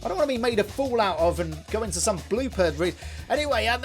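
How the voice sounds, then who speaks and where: A man's voice: very high-pitched, big pitch swings, fairly quick, a bit bright, soft background music. Man doing mock-hyped esports commentary. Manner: mock-hyped, absurd asides. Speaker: comic esports caster. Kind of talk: scripted comedy commentary.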